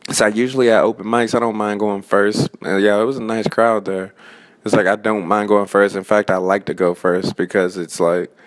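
A man's voice: lowish voice, little pitch movement, normal speed. A man in his twenties, an open-mic comedian, ranting casually in a profane, rambling way and restarting his sentences often. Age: 20s. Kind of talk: casual rant.

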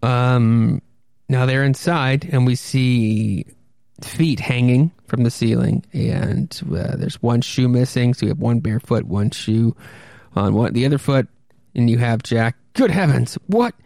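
A man hosting a podcast in a casual, rambling way, full of wry asides and self-corrections. His voice is gravelly and middle-pitched. The recording is dry and close. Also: steady tone, unhurried, warm tone, dry recording. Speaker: podcast host. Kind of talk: casual comic commentary and read-aloud.

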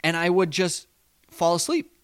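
A man's voice: high-pitched, animated, moderate pace, fairly bright tone, clean tone, no echo. Rambling man, dry close sound. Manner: rambling, self-deprecating, laughs at own jokes. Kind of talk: casual podcast chat.

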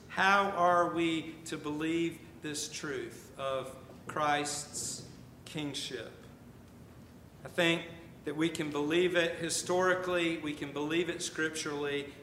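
Older guy pastor giving a sermon, bright ringing voice, echoey church, faint rumble. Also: steady tone, slow pace. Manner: conversational preaching with asides and emphatic repetition. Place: church sanctuary.

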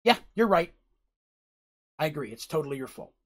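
A man's voice: fairly high pitch, sing-song, moderate pace, breathy edge. A man voicing a blunt, serious male warrior mentor who lectures frankly.

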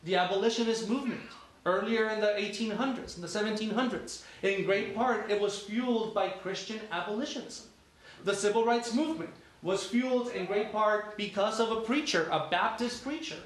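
This male pastor speaks at a moderate pace in a high-pitched voice, delivering a sermon full of conversational stories and rhetorical questions. His words ring through a very echoey room with a faint ambient hum.

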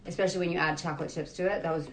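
Sex: woman. Role: mother co-hosting a family podcast. Style: casual chat. Pitch: a little low. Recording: clear background noise. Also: fairly even intonation, rapid-fire. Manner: easygoing, chimes in with short remarks.

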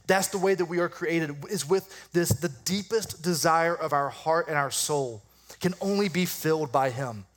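Relaxed, joking preacher with a lighter voice. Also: male voice, fairly high pitch. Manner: conversational preaching with humor, slowing down for emphasis. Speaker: pastor. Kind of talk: sermon.

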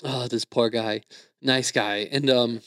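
A man's voice: medium pitch, steady tone, slow pace, fairly bright tone, clear, resonant tone, no room sound, clean studio sound. A man telling a story in casual chat, laughing often, swearing freely and acting out the people he quotes.

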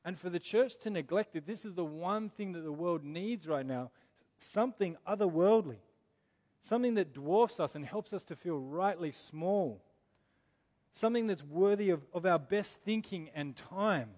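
A man preaching a sermon as pastor, earnest and emphatic, slowing down on key words. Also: sits high, expressive, a little mellow. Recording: long hall reverb.

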